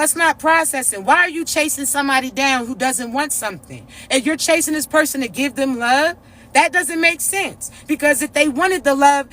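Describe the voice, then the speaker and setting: High bright voiced woman, blunt slangy spiritual pep talk, cusses a lot. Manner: blunt, preachy, profane, uses slang. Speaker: spiritual reader.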